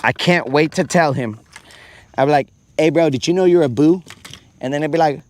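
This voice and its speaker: A man hosting a fishing livestream, chatting casually and animatedly with viewers in slang and acting out quoted voices. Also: moderate pace. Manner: animated storyteller, slangy, acts out quotes in a higher voice.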